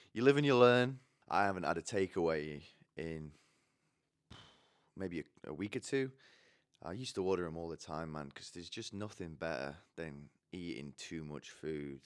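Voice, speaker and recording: A man's voice: low voice, smooth. A young man telling rambling comic stories in casual, swearing monologue, often acting out the people in his anecdotes. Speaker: podcast host.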